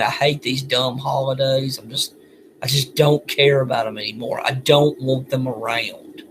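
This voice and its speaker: A man's voice: medium pitch, fairly bright tone, a little hiss or hum. A man venting alone at home at night, weary and bitter, sighing often. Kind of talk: venting monologue.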